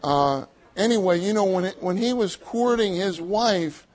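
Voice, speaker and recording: Emphatic older male preacher, high voice. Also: expressive, a little slow, a little mellow, poor audio. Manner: emphatic, repeats key phrases, laughs between points. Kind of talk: sermon.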